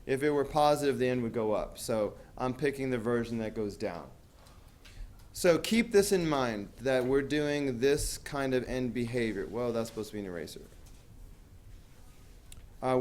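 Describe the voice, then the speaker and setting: A man's voice: mid-range voice, a little mellow, slight background noise. A man teaching a math class, talking casually with lots of fillers and asking students questions. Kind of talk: classroom lecture.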